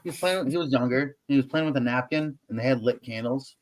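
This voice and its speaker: A man on a casual podcast, a loud storyteller who laughs often and swears. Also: medium pitch, quick pace, rough recording. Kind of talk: casual chat.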